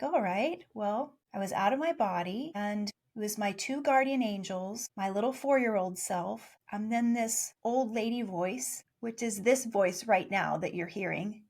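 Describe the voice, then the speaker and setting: A woman in her forties telling her story in a casual interview, playful and animated, laughing often. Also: mid-range voice. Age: 40s. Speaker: guest, spiritual channel.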